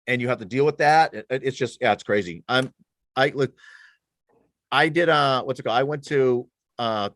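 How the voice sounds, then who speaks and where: Middle-aged male ex-cop guest, animated self-deprecating storyteller, dead-dry studio sound. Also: mid-range voice, normal speed, dry recording. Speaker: guest, former police officer and military veteran. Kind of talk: casual podcast conversation.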